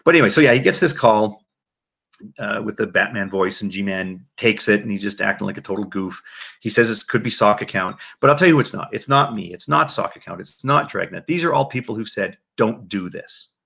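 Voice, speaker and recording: A man hosting a casual livestream commentary, rambling and animated, with frequent restarts. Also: fairly low pitch, brisk, vocal fry, slightly rough. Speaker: livestream host. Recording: dull lo-fi mic.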